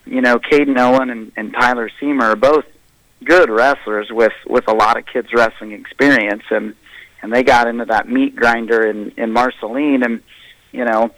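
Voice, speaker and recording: A man, a high school wrestling coach, giving a candid, plainspoken assessment in a radio interview. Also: fairly bright tone, dry recording, rough recording. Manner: candid, plainspoken self-critique.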